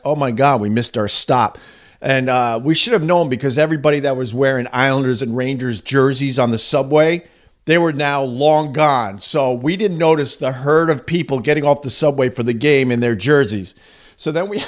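Man storyteller, mid-pitched, animated, jumps into quoted voices. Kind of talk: storytelling anecdote.

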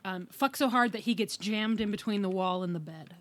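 A woman hosting a casual podcast chat over a video call, animated and quick to laugh. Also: mid-range voice, no room sound. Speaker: podcast host.

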